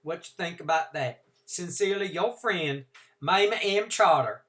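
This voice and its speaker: A man's voice: high-pitched, animated, moderate pace, a bit bright. A man doing a chatty, folksy foster mother. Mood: chatty, fond. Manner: Southern-style dialect, chatty and fond. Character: folksy, warm-hearted older foster mother writing a letter.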